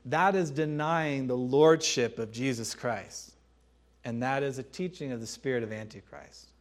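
A man preaching a sermon in a conversational, emphatic way, repeating key phrases and pausing to clear his throat. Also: mid-range voice. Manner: laughs and clears throat between points.

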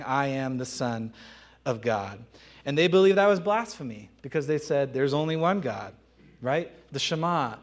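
A man preaching a sermon, emphatic and conversational, often asking rhetorical questions and laughing between points. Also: medium pitch.

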